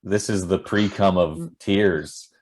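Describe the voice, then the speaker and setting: A man's voice: sits low, steady tone, slow pace. A man co-hosting a podcast in casual recap chat, playful and laughing often. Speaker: podcast co-host.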